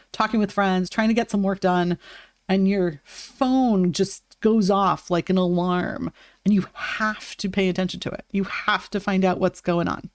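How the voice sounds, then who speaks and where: A woman live streamer in casual chat with her viewers, talking loosely with lots of "like" and breaking into bright, high greetings. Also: no room sound, clean studio sound. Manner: chatty, fills with "like", bursts into high greetings.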